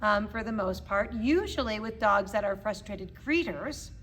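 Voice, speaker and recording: A woman's voice: mid-range voice, lively intonation, moderate pace, fairly bright tone, slight background noise. A middle-aged woman dog trainer explaining behavior terms in a casual teaching talk, often checking in with "okay?". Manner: explains with hand puppets, frequent "okay?" check-ins.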